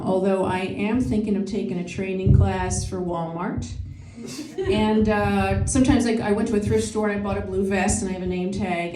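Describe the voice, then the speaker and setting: A woman's voice: medium pitch, dark tone. A woman in her forties doing a chatty, self-deprecating stand-up set, laughing at her own jokes, with no microphone at a live show. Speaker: stand-up comedian and emcee. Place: comedy show venue with live audience. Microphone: no microphone, picked up from afar. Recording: echoey room picked up from a distance.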